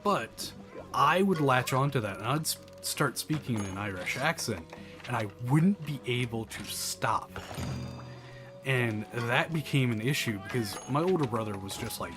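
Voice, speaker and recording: A man's voice: medium pitch, lively intonation, moderate pace. A man giving jokey let's play commentary, sliding into mock-grand announcements as he plays. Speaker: gaming channel host. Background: game music.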